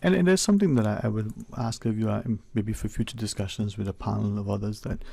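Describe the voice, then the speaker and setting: Gravelly, husky man hosting. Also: fairly low pitch, fast talker, warm tone. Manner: musing, roundabout questions. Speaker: radio talk show host. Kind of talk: casual radio interview.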